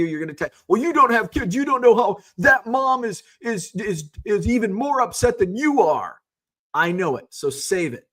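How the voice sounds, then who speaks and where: A middle-aged man hosting his own stream, telling a story in a rambling, animated way with lots of fillers. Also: medium pitch. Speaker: streamer host. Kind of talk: casual storytelling.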